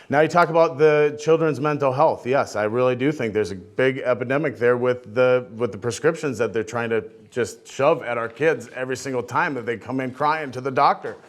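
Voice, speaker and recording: A man answering as a candidate at a forum, blunt and halting with many pauses and restarts. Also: medium pitch.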